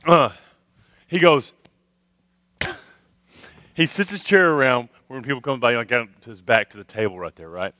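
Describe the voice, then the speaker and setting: Bright-voiced man telling a camp story. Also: mid-range voice, normal speed, pauses often, no room sound. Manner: animated, tags sentences with "okay? all right?". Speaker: camp speaker, former youth minister. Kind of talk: humorous storytelling to a youth crowd. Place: live youth camp worship service.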